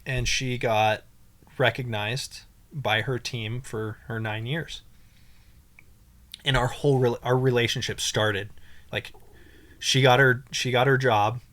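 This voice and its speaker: A young man tells a personal story as a podcast guest, his voice at an ordinary middle pitch. He talks loosely and emotionally, with plenty of fillers and restarts. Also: steady tone, slow pace, pauses often, fairly bright tone. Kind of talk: casual storytelling.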